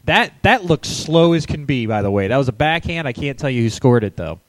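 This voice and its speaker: A man's voice: medium pitch, sing-song, brisk, no echo. A man co-hosting a live sports podcast, chatting casually and rambling with frequent stammered restarts. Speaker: podcast co-host.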